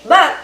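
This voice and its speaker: A woman's voice: sharp tone, reverberant, recorded from a distance, a little hiss or hum, low-quality recording. A woman chatting casually in a home cooking vlog, enthusiastic as she cooks and tastes her food. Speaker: home cook vlogger. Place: home kitchen.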